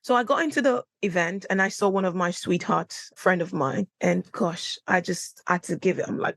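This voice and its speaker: A woman's voice: animated, fairly quick, few pauses, a bit bright, no echo. A woman hosting a solo podcast, telling stories in a chatty way and acting out her own quotes. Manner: chatty storyteller, acts out quotes with big pitch jumps. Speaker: podcast host. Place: indoor room, recording at home setup.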